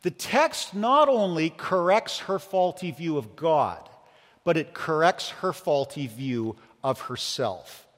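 A man's voice: a little high, animated, takes it slowly, fairly bright tone. Earnest male pastor in a reverberant church. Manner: conversational storytelling, earnest with light humor. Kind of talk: sermon. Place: church sanctuary.

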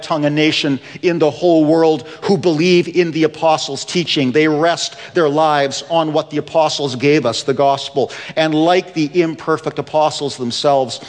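Impassioned preacher man in a reverberant hall. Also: mid-range voice. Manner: impassioned preaching, rising then dropping to hushed. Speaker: pastor. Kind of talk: sermon.

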